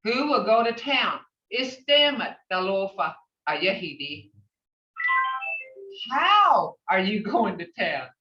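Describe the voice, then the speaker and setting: A woman teaching an online language class, she speaks slowly and patiently, repeating each phrase. Her voice is bright and lively in pitch. She sits away from the mic, and the dull call audio carries a roomy echo. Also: recorded from a distance.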